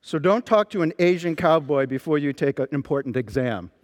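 A man preaching a sermon, telling stories with lively emphasis as a pastor. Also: on the high side, fairly quick, long reverb tail. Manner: animated storytelling preacher.

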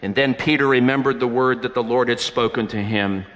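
A man's voice: medium pitch, a little fast, a bit bright. A man delivers a sermon, retelling scripture with earnest, emphatic storytelling. His voice sits in an ordinary middle register. The sound rings out in a large reverberant church hall. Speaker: preacher.

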